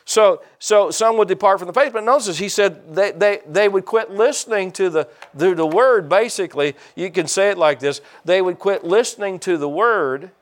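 A man's voice: high voice, normal speed, hardly any pauses. An older man, a pastor preaching a folksy, joking sermon and calling out to his congregation.

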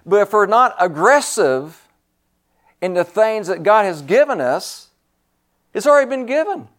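Preacher guy, kinda high voice, slow and drawn out, repeats stuff, goes loud then quiet. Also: big pitch swings. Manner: emphatic, repeats phrases, swings from loud to hushed. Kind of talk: sermon.

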